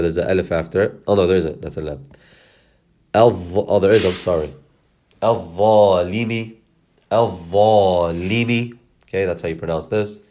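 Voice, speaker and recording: This reading teacher is a man whose voice is low and warm. He goes step by step, sounding out each word by syllable, repeating it slowly and apologizing when he fixes a mistake.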